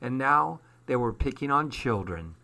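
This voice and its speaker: Slow, bright-voiced male storyteller. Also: medium pitch, expressive, vocal fry. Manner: slow, measured reading. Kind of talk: storybook narration.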